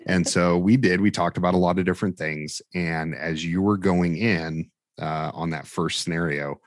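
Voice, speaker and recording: A man's voice: deep voice, fairly even intonation, normal speed, no echo, clean studio sound. A man, a fire training instructor, telling a story in a casual interview and acting out the quoted dialogue with animation.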